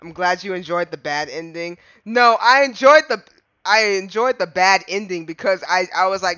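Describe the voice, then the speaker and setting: A man's voice: high-pitched, moderate pace, bright, forceful tone, clear, resonant tone, no echo, lo-fi sound. A man streaming a game live, chatting casually and rambling to his chat between fits of giggles.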